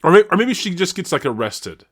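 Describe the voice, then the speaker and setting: A man's voice: sits high, sing-song, a little fast, slightly rough, dry recording, clean studio sound. A man co-hosting a podcast in casual chat, laughing often and restarting his sentences. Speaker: podcast co-host.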